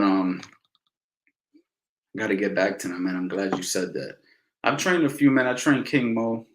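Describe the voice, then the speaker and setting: Laid-back male boxing coach, roomy sound. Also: lowish voice. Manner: relaxed, peppers talk with "you know" and "man". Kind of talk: casual Q&A instruction.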